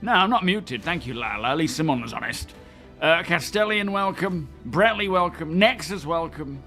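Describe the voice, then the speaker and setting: A man's voice: fairly high pitch, animated, normal speed, pushed and bright, soft background music. A young man streaming a game, chatting casually and greeting his viewers by name. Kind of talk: casual live-stream chat.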